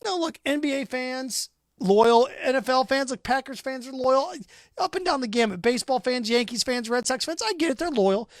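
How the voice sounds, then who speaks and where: Combative and sarcastic, this man hosts a sports talk show and rants his opinions, imitating imaginary callers in silly voices to mock them. His pitch is extremely high and his speed normal, with studio-quality audio and no echo.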